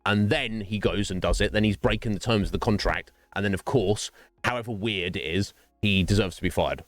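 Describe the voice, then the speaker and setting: A man's voice: lowish voice, fairly quick, dry recording. A man streaming a game, chatting casually in a rambling way and laughing often. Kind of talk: casual livestream chat.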